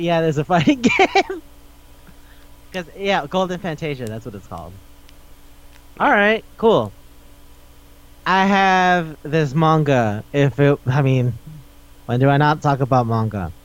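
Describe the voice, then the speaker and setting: A man's voice: on the high side, lively intonation, measured pace, long pauses, highs cut off. A man hosting a podcast in casual chat, rambling through a recap, swearing often and laughing as he talks. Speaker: podcast host.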